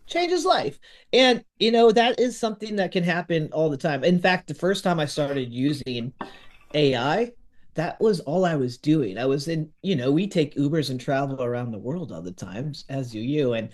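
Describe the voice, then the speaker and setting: A man telling a story in lively podcast chat, acting out what others said. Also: a little high, moderate pace. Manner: lively, acts out quotes of others.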